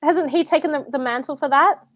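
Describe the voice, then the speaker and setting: High-voiced sarcastic woman host. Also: a little fast, no echo. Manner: sarcastic, amused, animated. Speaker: show host. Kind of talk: casual panel chat.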